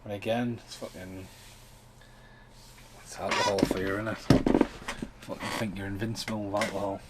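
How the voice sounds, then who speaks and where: A man's voice: lowish voice, little pitch movement, a little fast, very noisy. A man hosting a podcast and commenting on a film while it plays, rambling and swearing in a loose, casual way. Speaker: podcast host.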